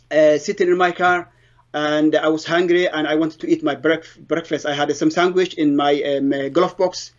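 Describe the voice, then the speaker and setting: Middle-aged guy telling his testimony, slightly high voice, halting and earnest, dull lo-fi sound. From Somalia. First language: Somali. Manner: halting, earnest storytelling with broken English grammar. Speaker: interviewee giving a testimony. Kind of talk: personal conversion testimony.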